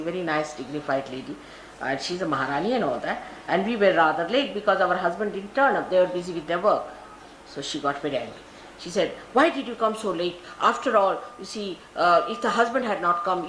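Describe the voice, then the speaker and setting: A woman in her sixties with an Indian accent, giving an animated spiritual talk to followers, full of stories. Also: on the low side, slight background noise. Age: 60s. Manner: storytelling, animated, scolding anecdotes. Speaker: spiritual teacher. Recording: roomy 1980s archive talk recording.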